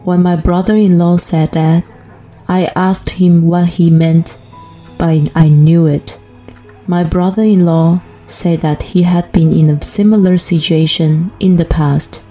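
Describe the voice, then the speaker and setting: A woman narrating a first-person family drama story in a flat, even reading voice. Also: on the low side, unhurried, soft background music.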